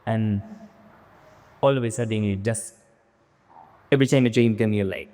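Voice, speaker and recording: Mellow, low-voiced man explaining. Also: normal speed. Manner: explanatory, hesitant, restarts while laying out examples. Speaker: podcast co-host. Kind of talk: casual podcast chat.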